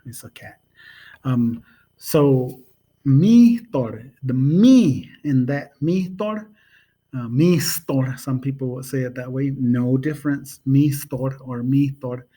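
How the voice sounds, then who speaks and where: A man talks to the camera in a relaxed home video lesson, taking his time with every word. He hesitates often, fills gaps with ums, and sounds out syllables again and again. His voice sits at an ordinary middle pitch. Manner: slow, halting, many ums, repeats sounds patiently. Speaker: language teacher.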